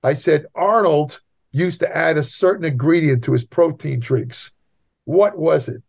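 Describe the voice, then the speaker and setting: Male interview guest, a bit high-pitched, repetitive storyteller, muffled recording. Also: measured pace, creaky, breathy edge. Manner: rambling, repeats himself, many restarts. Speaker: guest writer. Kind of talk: casual interview chat. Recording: dull lo-fi sound.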